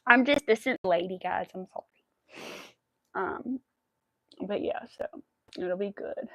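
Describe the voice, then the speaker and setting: A woman's voice: mid-range voice, a little slow, a bit bright, dry recording, rough recording. A woman in her thirties hosting a crochet live stream, emotional and near tears, rambling with many fillers. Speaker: crochet livestream host. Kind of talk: casual live stream chat.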